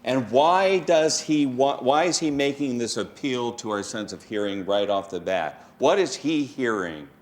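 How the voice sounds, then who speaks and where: A man's voice: mid-range voice, expressive, unhurried, few pauses. Male teacher leading a class discussion. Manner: questioning, calls on students and restates answers. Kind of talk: classroom lesson.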